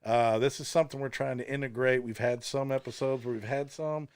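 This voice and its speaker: A man's voice: medium pitch, steady tone, a little fast, smooth, no room sound. Male co-host, mid voice, joking, dry close mic. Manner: joking and wisecracking, plugs the show chattily. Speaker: podcast co-host. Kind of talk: casual banter.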